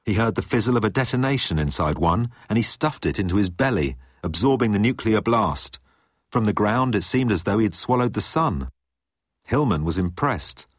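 A man reading a story aloud as narrator, in a lively storytelling way. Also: lowish voice, moderate pace, husky, dry recording, studio quality. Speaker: audiobook narrator. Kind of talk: scripted narration.

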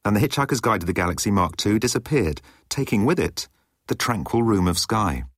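A man narrating an audiobook with a very deep voice that moves a lot in pitch. His tone is a touch husky, and the recording is close and dry. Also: lively intonation, fairly quick, fairly bright tone, no echo. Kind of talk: scripted narration.

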